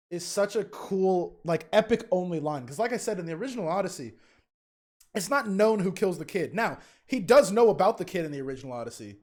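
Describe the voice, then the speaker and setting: A young man, a teacher, giving casual, emotional fan commentary in a reaction video, often halting and restarting. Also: high-pitched, lively intonation, darkish tone.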